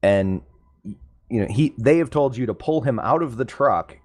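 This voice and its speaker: A man hosting a podcast, asking his guest questions in a halting way. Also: mid-range voice, animated, darkish tone. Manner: halting, stumbles over his words. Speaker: podcast host. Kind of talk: casual interview questions.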